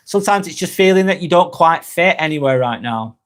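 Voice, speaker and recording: A man with a Lancashire accent hosting a live stream, reading viewer comments aloud and talking in a gentle, reflective way. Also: a little high, animated, brisk. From Northwest England.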